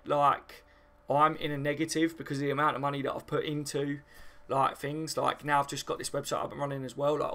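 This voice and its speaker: Gravelly bloke rambling on a football stream, lots of "like" and "and that". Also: male voice, mid-range voice, sharp tone. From south of England. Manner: rambling, heavy on fillers like "like" and "and that". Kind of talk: casual live-stream chat reading comments.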